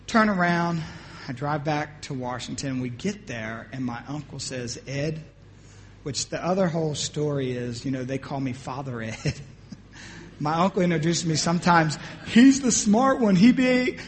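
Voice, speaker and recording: Male preacher, high tenor, soft-spoken testimony, acts out the dialogue, faint hiss behind. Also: normal speed. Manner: storytelling, acting out dialogue, often dropping to a hushed voice. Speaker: pastor. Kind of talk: personal testimony in a sermon.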